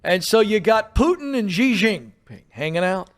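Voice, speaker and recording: Man, radio host, higher voice, joking, conversational banter. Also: sing-song, moderate pace.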